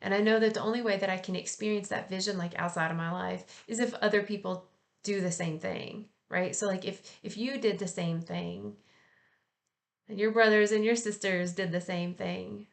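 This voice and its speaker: Relaxed, chatty woman reflecting gently. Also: mid-range voice, normal speed, gravelly. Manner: relaxed and chatty, with frequent fillers; gentle and encouraging. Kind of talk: casual spiritual reflection.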